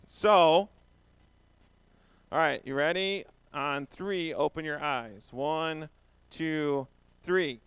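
A man's voice: a little high, drawn-out words, pauses often, a bit bright, smooth, no echo. A man giving a children's sermon, playful and asking the children questions as he talks. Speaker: pastor giving a children's message.

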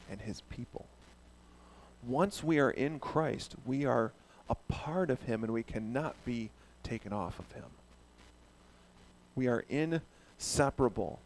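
A man preaching a sermon in an animated way, asking the congregation questions. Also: medium pitch, vocal fry, a little hiss or hum. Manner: animated, asks the audience questions. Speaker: pastor.

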